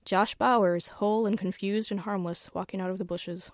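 A woman author reading her own first-person story aloud in a wry, measured storytelling manner. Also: medium pitch, steady tone, no echo, studio quality.

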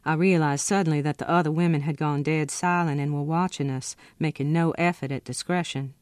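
A woman author reading from her own novel in a steady, expressive first-person narration. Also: low-pitched, brisk, no echo, clean studio sound.

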